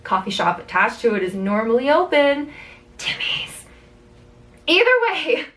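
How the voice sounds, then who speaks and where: Animated high-voiced woman telling a story. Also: far from the mic, rough recording. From Canada. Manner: animated, swearing, acts out quotes with big pitch jumps. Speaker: vlogger. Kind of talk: casual storytelling.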